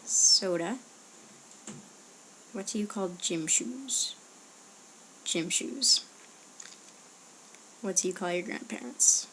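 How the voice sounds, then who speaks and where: A woman's voice: mid-range voice, takes it slowly, pauses often, fairly bright tone, a little hiss or hum. A young woman answering a list of questions in a casual, rambling audio post, with hesitant fillers and murmured asides. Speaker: blogger answering a question meme.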